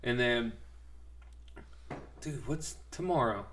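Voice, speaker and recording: Bright teasing young man. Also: medium pitch, lively intonation, slow, slight background noise. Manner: teasing, laid-back. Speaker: podcast co-host. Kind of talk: casual chat.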